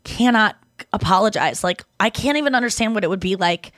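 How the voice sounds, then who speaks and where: Animated, swearing woman podcast host. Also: medium pitch, fast, no echo, clean studio sound. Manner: animated storyteller who acts out quotes and swears freely. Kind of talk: casual chat.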